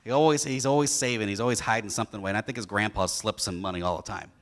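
A man's voice: lowish voice, rapid-fire. A man preaching a sermon, telling a story about his son and acting out the boy's lines with energy. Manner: animated storyteller who acts out his son's lines. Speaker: pastor.

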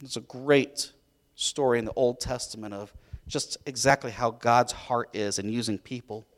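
A man preaching a sermon as a pastor, telling a story in an animated way and swinging between loud and hushed. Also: medium pitch, normal speed.

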